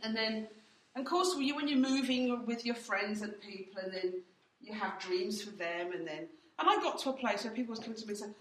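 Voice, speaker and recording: A woman's voice: mid-range voice, a little fast, distant mic. A woman teaching in church, telling her story in a chatty way with many fillers and voicing others in quotes. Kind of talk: teaching testimony. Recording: roomy and off-mic.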